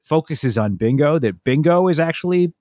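Rambling dad telling stories. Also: male voice, a little high, expressive, normal speed, darkish tone, no echo, studio quality. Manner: rambling storyteller, many restarts and asides. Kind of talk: casual chat.

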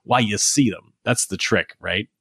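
A man in his thirties chatting casually as a podcast co-host, telling lively stories and putting on childlike quotes. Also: on the low side, normal speed, creaky, husky, no echo, clean studio sound. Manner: animated storytelling with childlike voiced quotes. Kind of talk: casual chat.

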